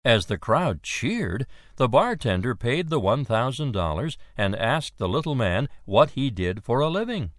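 A man slowly telling a numbered joke as a story. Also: medium pitch, very animated, no echo, studio quality. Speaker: joke narrator. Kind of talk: slow told joke narration.

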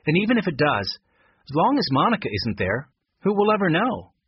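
A man's voice: a little high, huge pitch swings, fairly quick, slightly rough, no echo, lo-fi sound, pitched above the performer's own voice, exaggerated voice. A man voicing an eager, cheerful young male movie actor in a children's story.

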